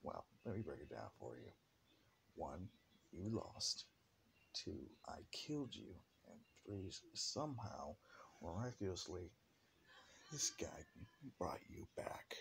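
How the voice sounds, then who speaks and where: Man voicing a ruthless young fighter, calm and mocking, very deep gravelly voice, slow. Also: slight background noise, heavily acted. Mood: taunting.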